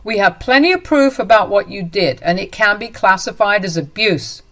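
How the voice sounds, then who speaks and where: A woman's voice: lowish voice, expressive, normal speed, natural voice. A woman doing a stern, protective off-duty cop. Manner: firm, confrontational, accusing.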